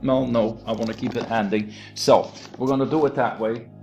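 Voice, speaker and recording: A man promoting a program, talking casually to his group in a halting way full of restarts. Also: medium pitch, fairly even intonation, darkish tone, muffled recording, faint music behind. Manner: halting, many fillers and restarts. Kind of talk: casual recorded talk to a group.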